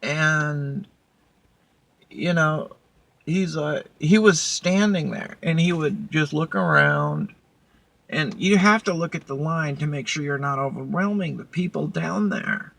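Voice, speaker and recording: A woman's voice: low-pitched, very animated, takes it slowly, creaky, fairly bright tone. A woman vlogger telling a work story in a blunt, profane, casual way. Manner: blunt, profane, heated retelling.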